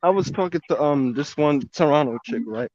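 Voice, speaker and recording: A man's voice: a little high, a little fast, darkish tone, dry recording, lo-fi sound. A man from the United States chatting casually as a podcast guest, with loose slangy talk full of "like" and "bro". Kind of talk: casual chat.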